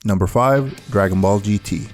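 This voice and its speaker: A man giving a scripted video-essay narration as the host, counting down a list in a steady delivery over faint background music. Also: fairly low pitch, moderate pace. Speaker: anime and wrestling video host.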